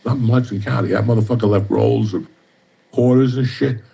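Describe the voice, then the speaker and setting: Guy, gravelly and husky, cussing his way thru old street stories. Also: medium pitch, steady tone, fairly quick, warm tone. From New Jersey. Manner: streetwise, swears constantly, tells stories with mimicked dialogue. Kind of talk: profane casual storytelling.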